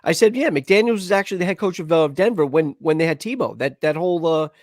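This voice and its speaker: Male co-host for a live sports chat, pushy and worked up, slightly raised pitch, close dry mic. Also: animated, fast, no room sound. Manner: argumentative, heated, lots of restarts. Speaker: podcast co-host.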